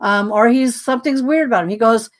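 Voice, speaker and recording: A woman, a podcast guest, telling a long story in a rambling, animated way with many asides. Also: on the high side, a little fast.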